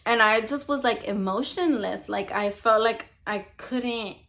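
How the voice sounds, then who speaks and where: A woman's voice: fairly high pitch, a little slow, fairly bright tone. A young woman telling her personal religious testimony in a casual, rambling way, filling her speech with "like" and "you know.". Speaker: vlogger sharing a religious testimony.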